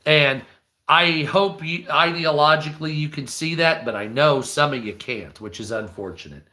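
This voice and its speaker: Ranting, profane man with a bright edge. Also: a little high, normal speed. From United States. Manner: profane, heated, rambling. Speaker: live stream news commentator. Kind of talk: ranting live stream commentary.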